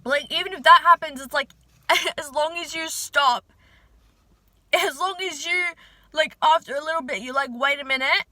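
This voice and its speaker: A young woman with a high, bright voice talks straight to her viewers in a loose, filler-packed vlog chat, swearing casually and hyping them up. The sound is close and dry, with no room around her. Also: moderate pace, dry recording. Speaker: manifestation vlogger.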